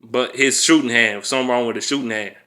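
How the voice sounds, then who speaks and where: Guy ranting about his team losing, lots of cussing, bright sharp voice, goes way up when he's mad. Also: steady tone, fast talker. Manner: profane, heated, repeats himself, laughs in disbelief; pitch jumps up sharply when worked up. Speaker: basketball fan vlogger. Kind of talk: angry game recap rant.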